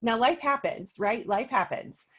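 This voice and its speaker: A woman with a higher voice and lively intonation talks at a measured pace, her tone fairly bright and husky over lo-fi audio. She's co-hosting an oils business meeting on a casual video call, chatting away and telling stories with plenty of ums.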